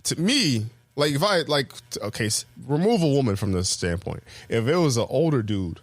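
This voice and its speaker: A man's voice: normal speed, no room sound. Loose-talking man telling a story, dry mic. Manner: animated storyteller, acts out quotes with loud high bursts; loose, profane, many fillers and restarts. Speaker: podcast co-host. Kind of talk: casual storytelling chat.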